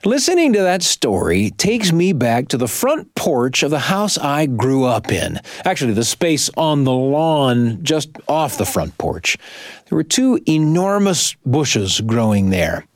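A man hosting the show, reflecting in an unhurried way after a story. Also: medium pitch, big pitch swings, no room sound. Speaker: host. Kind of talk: radio-style show hosting. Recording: dry studio with music bed.

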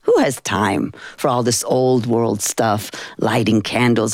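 Low-voiced woman storyteller. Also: fairly even intonation, slow pace, a little mellow, dry recording, clean studio sound. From Israel. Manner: intimate, emotional, rhythmic. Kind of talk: spoken storytelling performance.

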